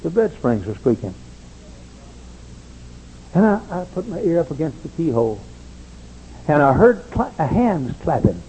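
This older preacher takes a measured pace with long pauses as he tells animated sermon stories, putting on high voices for quotes. Poor audio carries a faint hiss or hum.

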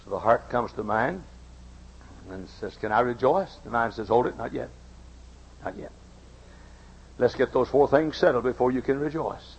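A man preaching a sermon, telling stories and acting out the voices in them, going from quiet to shouting. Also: mid-range voice, sing-song, moderate pace, long pauses, breathy edge. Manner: dramatic, acts out voices, swings from soft to shouting. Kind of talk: sermon with storytelling. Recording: dull lo-fi recording.

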